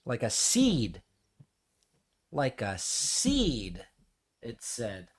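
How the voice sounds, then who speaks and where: A man co-hosting a podcast, talking in halting bursts that trail off and restart. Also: mid-range voice, huge pitch swings, slightly rough. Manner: halting, trailing off, self-interrupting. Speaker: podcast co-host. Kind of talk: casual chat.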